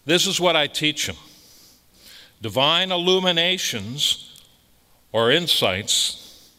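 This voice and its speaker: A man's voice: on the high side, lively intonation, takes it slowly, pushed and bright, big-room sound. A man, a priest, giving a conversational sermon in an emphatic, blunt way, repeating phrases for stress.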